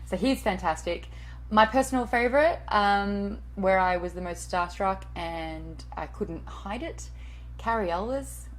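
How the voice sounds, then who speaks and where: A woman's voice: mid-range voice, unhurried, a little hiss or hum, rough recording. A woman in her late thirties, a TV and radio host and voice-over artist, answering interview questions in a chatty, self-deprecating way with the odd swear word.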